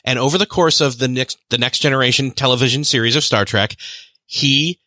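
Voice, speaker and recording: A man's voice: mid-range voice, brisk, sharp tone, no echo. A man hosting a podcast, talking in a casual, enthusiastic, rambling way. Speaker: podcast host. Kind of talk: casual conversation.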